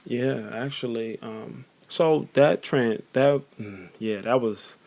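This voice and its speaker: A man in his forties with a New Jersey accent, telling his story as an interview guest in a relaxed way, with many fillers and repeated words. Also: medium pitch, slow pace, gravelly. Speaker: guest, former football player.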